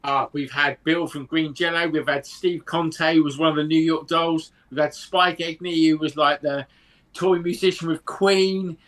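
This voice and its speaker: A man's voice: on the high side, fairly even intonation, normal speed, a bit bright. A man co-hosting a live music show, chatting casually in a rambling, jokey way and losing his train of thought. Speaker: co-host. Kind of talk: casual chat.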